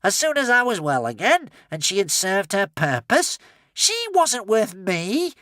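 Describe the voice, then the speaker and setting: A man's voice: sits high, huge pitch swings, a little slow, pushed and bright, no echo, voice pushed up, heavily acted. A man reading an audiobook voicing a smug, impatient male villain. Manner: impatient, self-satisfied.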